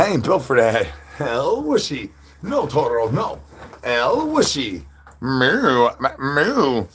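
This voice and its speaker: Playful husky-voiced man streaming outdoors. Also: mid-range voice. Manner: playful, with goofy catchphrases and animal noises. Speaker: livestreamer. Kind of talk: livestream chat with viewers. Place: outdoors, standing.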